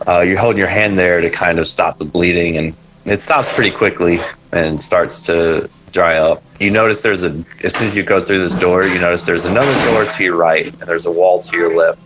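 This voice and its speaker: A man's voice: deep voice, steady tone, moderate pace, fairly bright tone, rough recording. A man narrating as game master in a tabletop role-playing game, in a hesitant way with many ums and restarts.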